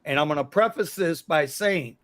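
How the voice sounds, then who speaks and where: A man hosts a casual livestream and tells a long story in a chatty, slangy way. His voice sits high. The sound is dry and close, with almost no room. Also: normal speed, a bit bright, no room sound. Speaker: livestream host.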